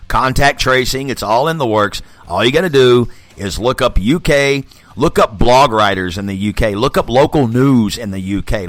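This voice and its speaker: A man's voice: medium pitch, fairly bright tone, dry recording. A man hosting a podcast, delivering a profane, blunt ranting monologue and laughing often. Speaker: podcast host.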